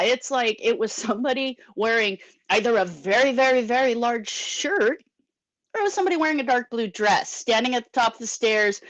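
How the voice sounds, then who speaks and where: A woman's voice: on the high side, fairly bright tone, no room sound, rough recording. A woman giving opinionated casual commentary on a video call with other panelists. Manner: opinionated, chatty.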